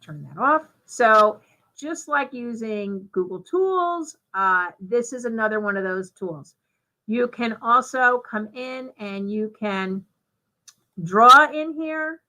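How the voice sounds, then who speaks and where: A woman giving a live software demonstration, talking through each step in a chatty way with fillers. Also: on the high side, lively intonation, slow, poor audio. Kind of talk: live software demo walkthrough.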